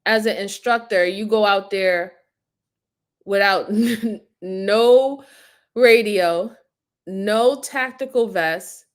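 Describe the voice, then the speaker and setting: Female host, casual live reactions, drawn-out speech, blunt and incredulous. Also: mid-range voice.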